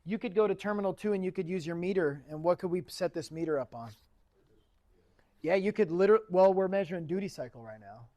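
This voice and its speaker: A man's voice: sits high, fairly quick, mellow. A man teaching an automotive class in a chatty, casual lecture style, often asking the students questions. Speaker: automotive instructor.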